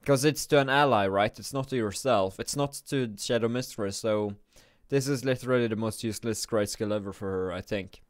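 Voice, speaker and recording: A man's voice: on the low side, brisk, no echo, clean studio sound. A man giving casual game commentary while drowsy from just waking up, thinking aloud and often restarting his sentences. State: drowsy, just woke up and yawning. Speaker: gaming video creator.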